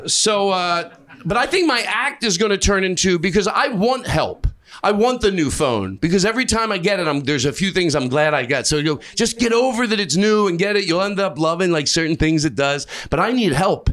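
A man doing improvised stand-up comedy on a club stage, rambling, self-mocking and profane, high on an edible. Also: lively intonation, a little fast, a bit bright.

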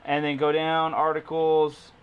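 A young man talking in a relaxed, joking way, with a voice that sits a bit high for a man. He reads web pages aloud to a friend with loose asides and lots of "dude" and "bro.". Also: a little slow, clean tone, narrow, tinny audio. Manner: laid-back, joking, says dude and bro. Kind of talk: casual chat, reading web pages aloud.

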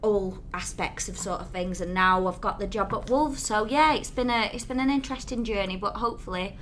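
A woman's voice: medium pitch, a little fast, fairly bright tone, slight background noise. A young woman with a Lancashire accent, a sports reporter chatting and teasing on a podcast. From Lancashire, England. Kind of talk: casual chat.

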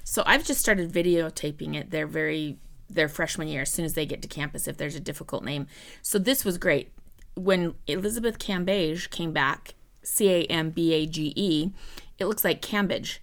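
A woman basketball broadcaster in casual chat, telling stories in an animated way. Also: deep voice, normal speed.

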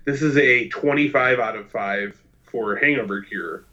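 A man's voice: medium pitch, unhurried, pushed and bright, muffled recording. A man co-hosting a podcast, chatting casually in a playful, boastful way. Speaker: podcast co-host.

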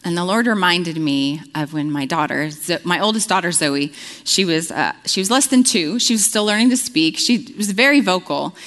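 A woman preaching with earnest, storytelling warmth and plenty of conversational fillers. Her voice sits a little low, and it carries a long reverb from a large hall. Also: lively intonation, normal speed. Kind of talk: conversational sermon.

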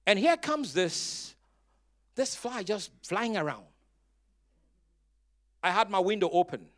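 A male pastor with a high voice takes his sermon slowly, telling stories with some humor and urging listeners to answer back. His pitch swings widely, and he delivers dramatic, loud, emphatic bursts.

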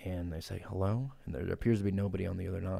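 Sassy low-voiced man playfully riffing. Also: fairly even intonation, racing, vocal fry, warm tone. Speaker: podcast co-host. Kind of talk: improvised comedy storytelling.

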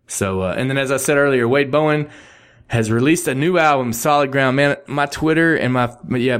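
A middle-aged man with a somewhat low voice runs a casual music news chat. He rambles, stumbles over his words and fixes them with easygoing jokes as he goes. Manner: rambling, self-correcting, jokey asides. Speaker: podcast host.

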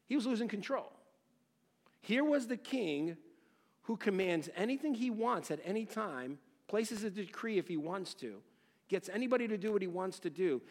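A man preaching an expository sermon, dramatic and questioning, swinging between loud exclamations and near-hushed phrases. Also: high voice, in a large hall. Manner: asks the listeners rhetorical questions. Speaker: pastor.

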